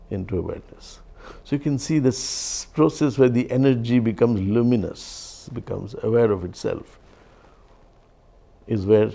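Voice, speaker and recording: A man delivers a reflective talk built on stories. His voice is mellow and dark with a gravelly texture. He moves at an unhurried pace and adds gentle humor. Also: mid-range voice. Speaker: speaker on leadership and mindfulness.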